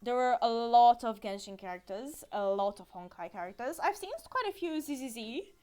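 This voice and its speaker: Animated woman chatting on a live stream. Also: a little high, normal speed, smooth, faint music behind. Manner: animated and giggly, with frequent fillers. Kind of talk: casual live-stream recap.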